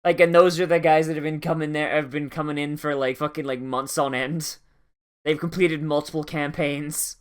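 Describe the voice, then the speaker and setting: A man's voice: fairly high pitch, little pitch movement, normal speed, clean tone. Young guy, anime reactor, rambling and sweary, sarcastic asides. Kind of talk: casual reaction commentary.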